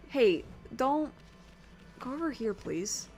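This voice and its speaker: A woman streamer talks to her viewers in a loose, rambling way as she plays, swearing casually. Her voice is rough from overuse and sits at a middle pitch. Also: lively intonation, a little slow, soft background music. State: rough throat. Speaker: game streamer. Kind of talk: casual chat while streaming a game.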